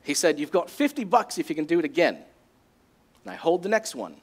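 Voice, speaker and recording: A man's voice: fairly high pitch, expressive, a little fast, husky. A man putting on a South African accent to voice a veteran golfer telling a dry, boastful story. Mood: wry. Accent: put-on South African.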